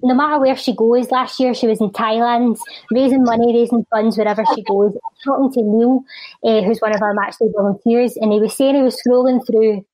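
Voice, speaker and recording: A Scottish woman with a fairly high voice recites a spoken word poem with a steady rhythm, then slips into quick, chatty talk. She is recorded close and dry, with no room sound around her. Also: dry recording, poor audio. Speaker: charity guest and spoken word poet.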